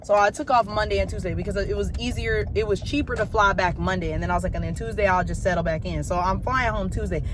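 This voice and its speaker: A woman, a teacher, telling a profane, exasperated story about her trip in a casual storytime chat, filmed on a phone while she sits in a car. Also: mid-range voice. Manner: snaps at traffic while driving. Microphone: phone camera.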